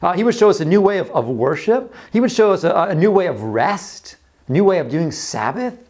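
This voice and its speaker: A man's voice: high-pitched, sing-song, a little fast, darkish tone. A man preaching a sermon in a conversational way, often repeating words as he talks. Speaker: pastor.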